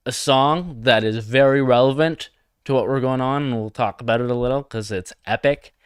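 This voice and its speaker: A man's voice: mid-range voice, moderate pace, smooth, dry recording, clean studio sound. A young man hosting a satirical comedy livestream, talking provocatively and mockingly and reading comments from chat.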